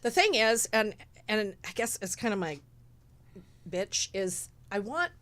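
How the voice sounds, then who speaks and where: Woman guest in casual chat, middle pitch, rambly and emotional, does little voices for quotes. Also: very animated, measured pace, fairly bright tone. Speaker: guest, charity show organizer.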